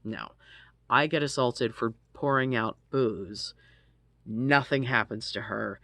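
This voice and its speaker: A man's voice: medium pitch, takes it slowly, pushed and bright, dry recording. A man telling a personal story casually, rambling with lots of fillers and frequent swearing. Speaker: storytelling vlogger.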